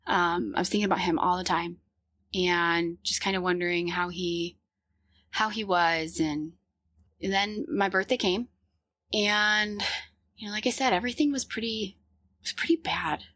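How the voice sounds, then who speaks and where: A woman's voice: on the low side, steady tone, moderate pace, a bit bright, no echo, clean studio sound. A woman in her thirties telling a personal story with many fillers and restarts. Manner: hesitant, lots of fillers and restarts.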